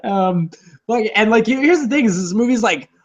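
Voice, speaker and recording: Husky, animated man chatting movies. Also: sits high, moderate pace. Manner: animated, laughing, swears, does mocking quoted voices. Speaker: podcast co-host. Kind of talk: casual chat about movies.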